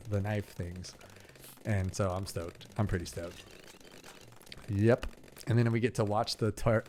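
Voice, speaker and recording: Lowish and darkish in tone, this young man's voice carries a little hiss or hum as he plays a video game for his gaming channel. He rambles casually and chattily, with plenty of fillers and asides.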